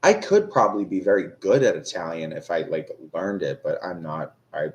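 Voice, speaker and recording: Speaking at normal speed in a low, animated voice, a young tarot reader chats casually with his live stream audience. His manner is rambling and self-deprecating, loaded with fillers and restarts.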